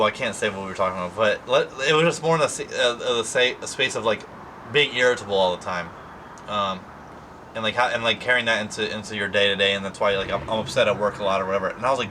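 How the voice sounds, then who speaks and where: A young man chatting casually to his camera, rambling with lots of fillers and slang. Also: lowish voice. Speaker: vlogger. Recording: steady background noise.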